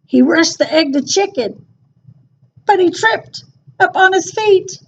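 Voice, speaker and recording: A woman reading a rhyming children's picture book aloud in an expressive, sing-song storytelling voice. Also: very high-pitched, takes it slowly, muffled recording, a little hiss or hum.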